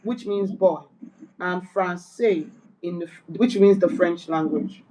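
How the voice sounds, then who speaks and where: A woman's voice: on the low side, slow, noisy background. A woman learning French as a beginner, reading out accent rules and carefully repeating words after her tutor. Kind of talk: beginner language lesson practice.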